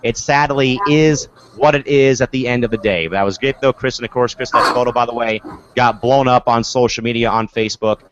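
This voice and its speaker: A man's voice: mid-range voice, steady tone, brisk, muffled recording, background noise. A man hosting a casual online sports show, talking chattily and repeating "of course" and "folks.". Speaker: podcast host.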